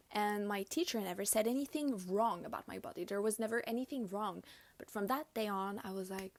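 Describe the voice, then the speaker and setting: A woman's voice: mid-range voice, vocal fry. A young woman hosting a casual podcast while doing her makeup, telling stories in a confiding way and often dropping to a whisper. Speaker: podcast host. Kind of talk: casual storytelling chat.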